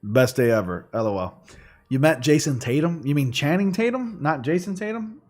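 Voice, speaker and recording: A man's voice: fairly high pitch, animated, moderate pace. A man hosting a gaming livestream, chatting casually in a rambling way, full of fillers. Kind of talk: casual chat while streaming. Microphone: studio condenser microphone.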